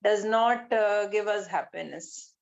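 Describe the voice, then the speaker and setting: A woman's voice: medium pitch, slow, creaky. A woman hosting a poetry reading on a video call, polite and hesitant, with many fillers. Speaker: host of the poetry session. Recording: dull lo-fi call audio.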